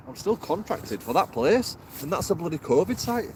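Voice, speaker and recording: A man's voice: on the high side, sing-song, moderate pace, hardly any pauses, darkish tone. A man livestreaming outdoors in town, rambling in an exasperated way and laughing nervously. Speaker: livestreaming auditor. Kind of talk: rambling live-stream vlog. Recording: noisy street traffic behind.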